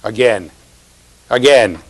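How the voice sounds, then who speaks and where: A man's voice: mid-range voice, takes it slowly, low-quality recording. A man giving a university classroom lecture, teasing students and checking in with "right?".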